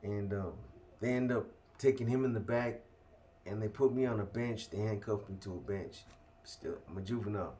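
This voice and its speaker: A man with a lowish, mellow voice talks at a normal speed over slight background noise. He casually tells a story from his own life, swearing heavily, using lots of street slang and often ending sentences with "man."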